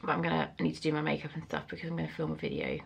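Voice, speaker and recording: A woman's voice: deep voice, big pitch swings, rapid-fire, gravelly, husky. A young woman and mum chatting frankly in a home vlog, casual, sometimes swearing and a little out of breath. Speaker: vlogger and mum. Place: family house indoors.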